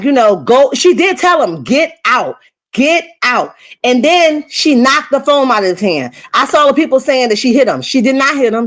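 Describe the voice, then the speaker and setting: Woman, gossip commentary host, emphatic and chatty, slightly high voice. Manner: animated, emphatic, repeats okay and right.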